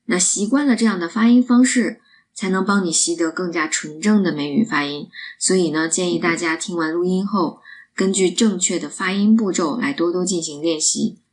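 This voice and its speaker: A woman teaching pronunciation, explaining each step clearly and demonstrating the sounds. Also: fairly low pitch, normal speed, slight background noise.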